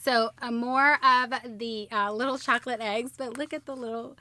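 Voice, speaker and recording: A woman's voice: a little high, steady tone, moderate pace, bright, forceful tone, no echo. A young woman hosting her own channel, unboxing a gift box and gushing over each item with squeals of delight. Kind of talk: bubbly unboxing vlog.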